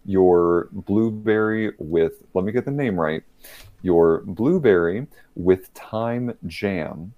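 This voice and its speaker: A man's voice: deep voice, slow, phone-quality sound. A man hosting a podcast over a remote call, talking casually with laughs and fillers. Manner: giggly, rambling, fillers. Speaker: podcast host. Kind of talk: casual online show chat. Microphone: remote call mic.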